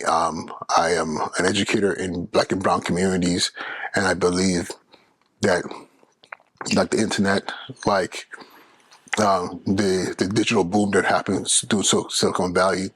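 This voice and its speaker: Earnest low-voiced male podcast host. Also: fairly bright tone, slightly rough, dry recording. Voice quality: earnest and persuasive, with frequent restarts. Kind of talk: solo podcast talk.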